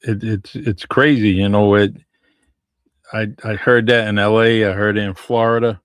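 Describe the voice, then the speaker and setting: A man hosting a podcast, chatting casually in a relaxed, loose way. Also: lowish voice, normal speed, clean tone, dry recording, clean studio sound. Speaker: podcast host. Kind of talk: casual chat.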